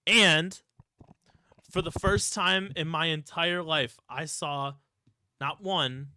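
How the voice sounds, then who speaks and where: Speaking slowly with fairly even intonation, a young Ohio man co-hosts a podcast, spinning rambling, swear-filled stories in casual conversation. His fairly high voice sounds pushed and bright, and there is a little hiss or hum.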